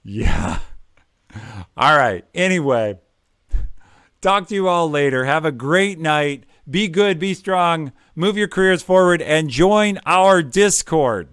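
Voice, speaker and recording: A middle-aged man chats casually as host of a career-advice live stream. His voice sits a little high for a man. He rambles and jokes with plenty of ums, recorded dry and close. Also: animated, slow pace, a bit bright, smooth, no echo. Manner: chatty, rambling, jokey, with frequent ums and uhs.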